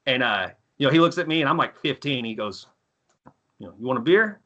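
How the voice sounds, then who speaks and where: A man in his thirties from Texas, telling stories on a podcast, profane and animated as he acts out quotes. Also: medium pitch, brisk, highs cut off. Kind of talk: casual storytelling chat.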